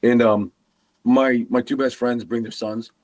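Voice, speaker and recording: A man on a podcast telling an animated hunting story, acting out the lines of the people in it. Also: medium pitch, a little slow. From Massachusetts. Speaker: podcast guest.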